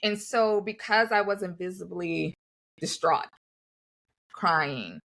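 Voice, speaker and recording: A woman's voice: lowish voice, slow pace, gravelly. A woman co-hosting a podcast, talking candidly and acting out what others said to her. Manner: animated, acts out others' remarks in quotes. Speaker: podcast co-host. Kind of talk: candid conversational storytelling.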